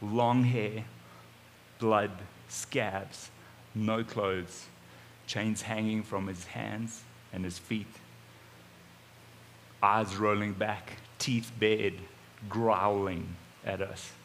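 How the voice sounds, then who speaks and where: A man preaching, retelling a story in the first person in an animated way, with sudden swings in loudness. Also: lowish voice, very slow, pauses often, a little hiss or hum. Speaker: pastor. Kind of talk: storytelling sermon. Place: church auditorium.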